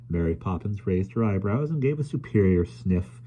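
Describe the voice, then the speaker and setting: A man reading a children's book aloud in an expressive storytelling manner. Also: deep voice, normal speed, hardly any pauses, dull audio. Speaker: audiobook reader.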